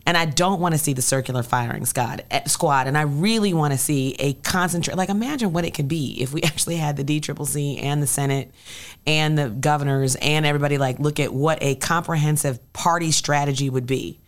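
Emphatic low-voiced woman. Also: brisk. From Illinois. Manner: emphatic, rallying. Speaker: state senator guest. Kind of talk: political chat.

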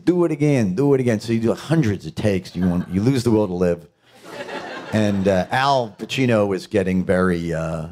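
A middle-aged actor from New York who chats at a panel Q&A and tells his stories with laughs and quick asides. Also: low voice, a little mellow. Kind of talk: casual storytelling at a panel Q&A.

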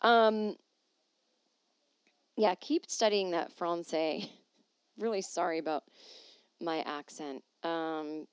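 A woman's voice: fairly low pitch, slow, long pauses, clean tone, no room sound. A woman hosting her own podcast as a touring comedian, chatting casually and reading listener emails aloud in a rambling, self-deprecating, playful way. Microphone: podcast microphone.

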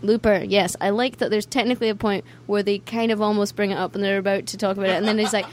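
A woman's voice: medium pitch, flat delivery, fast, a little hiss or hum. Chatty Scottish woman, laughing often. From Scotland. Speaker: guest musician. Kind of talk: casual interview chat.

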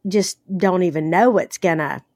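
A woman's voice: fairly low pitch, moderate pace, darkish tone, dry recording, studio quality. A woman from the American South, an author being interviewed, talking casually with blunt, salty humor and lots of fillers. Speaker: author guest.

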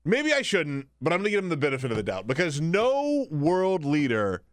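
Chatty man with a lively voice. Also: a little high, a little fast, no echo. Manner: chatty, animated, laughs often. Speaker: radio show producer filling in as host. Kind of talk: casual radio talk.

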